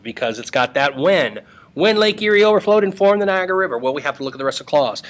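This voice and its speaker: A man's voice: medium pitch, animated, fast talker, fairly bright tone. A male English teacher giving a casual, joking lesson to students over a screen recording. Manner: playful and jokey, talking to students.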